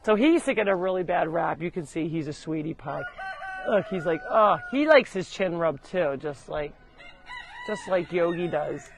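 A woman hosting a live show from her animal sanctuary, chatting casually outdoors and loudly scolding the animals. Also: fairly low pitch, lively intonation, normal speed, background noise. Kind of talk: casual live-stream chat. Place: outdoors on a farm among animals.

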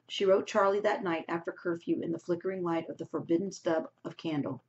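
A woman teacher reading a novel aloud to her class in a steady narrating voice, on a dull lo-fi recording. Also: fairly low pitch, a little fast.

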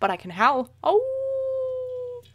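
A woman's voice: on the high side, sing-song, moderate pace, music in the background. A young woman streaming a game, chatting playfully, giggling and making silly noises. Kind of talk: casual chat while gaming.

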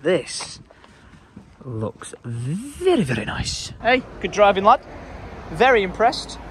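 Young man, high lively voice, jokey travel vlog, traffic noise behind. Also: unhurried. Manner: upbeat, jokey, swears casually. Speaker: vlogger. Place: camper van and service stations.

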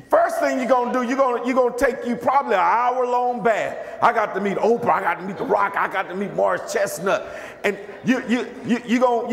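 A man preaching in a high, bright register, his voice ringing through a big echoey church hall. He talks in a lively, conversational way and keeps calling out questions to the congregation. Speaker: bishop, preacher. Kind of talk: sermon.

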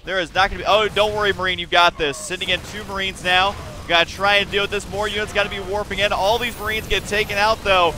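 A young man calls a strategy game match in a high, bright, cutting voice. He mixes play-by-play with jokes and mock scolding of the players. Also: steady tone, brisk, a little hiss or hum. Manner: joking, teasing, mock-scolding. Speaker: game caster. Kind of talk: esports play-by-play commentary.

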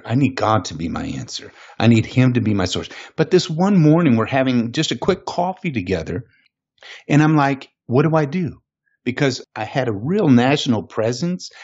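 Male podcast guest with a husky tone telling an emotional personal story over a dull, muffled line. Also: mid-range voice, darkish tone. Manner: earnest, emotional, slows down for weight. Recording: muffled lo-fi recording.

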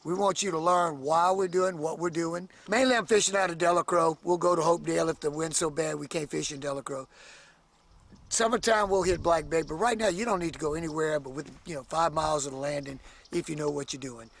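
A man's voice: fairly high pitch, fairly quick, fairly bright tone. A man, a fishing charter captain talking up his trips on a boat, folksy and enthusiastic. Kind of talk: casual promo on a boat.

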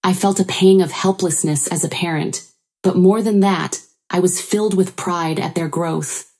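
Older woman, first-person story narration, calm even reading, low voice, mellow tone. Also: normal speed.

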